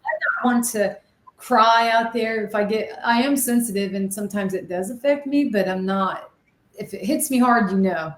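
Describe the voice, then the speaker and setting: As an interview guest, a medium and ghost hunter excitedly relates her stories, dramatically performing the voices she recalls. Her mid-range voice moves at a moderate pace, and the echoey room has slight background noise.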